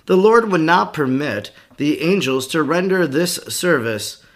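A man narrates a devotional audiobook with a steady, formal read-aloud delivery. His voice sits somewhat high for a man. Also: unhurried. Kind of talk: scripted narration of a devotional text.

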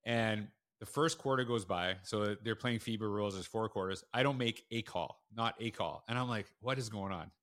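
A man, a school principal, telling stories in a casual podcast interview and acting out the quoted people with lively jumps in his voice. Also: normal speed, hardly any pauses. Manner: animated, acts out quotes with big jumps in pitch.

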